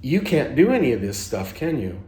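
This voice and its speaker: Guy doing his ego as a soft slow teen, kinda probing, echoey room. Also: medium pitch, big pitch swings.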